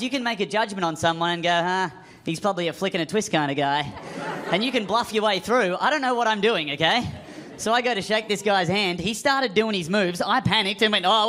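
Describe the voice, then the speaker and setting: A man with an Australian accent doing a self-deprecating stand-up set, shouting his punchlines. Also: high-pitched. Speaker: stand-up comedian. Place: comedy club stage. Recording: live club recording, crowd noise. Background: laughing audience.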